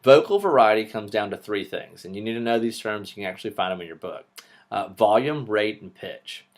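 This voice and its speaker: Quick, joking male speech instructor. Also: fairly low pitch. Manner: talks a little fast; lively, joking asides. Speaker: public speaking instructor. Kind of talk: recorded online lecture.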